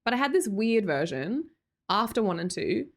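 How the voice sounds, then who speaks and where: A woman's voice: medium pitch, big pitch swings, normal speed. An Australian woman hosting a livestream, chatting casually and reading out viewer comments in a bubbly way, laughing often. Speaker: livestream host.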